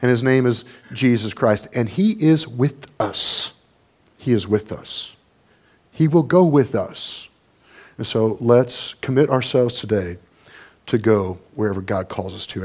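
A man preaching a sermon and closing in prayer, with fervent repeated questions and swings between rising emphasis and quiet passages. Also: mid-range voice, a little slow.

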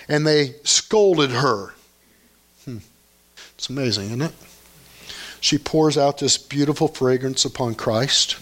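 A man's voice: mid-range voice, fairly bright tone. A man preaching a sermon, reading scripture aloud and stopping to comment on it with rising emphasis.

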